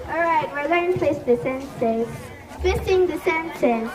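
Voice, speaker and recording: Ugandan woman student, high voice, deliberate drill reading, far from the mic over loud outdoor crowd noise. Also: roomy sound. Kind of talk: leading a repeat-after-me drill. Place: outdoor school assembly.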